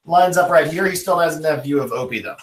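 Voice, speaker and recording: A man acting as dungeon master, briskly narrating and asking players for rolls. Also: fairly high pitch, echoey room. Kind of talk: narrating a tabletop game.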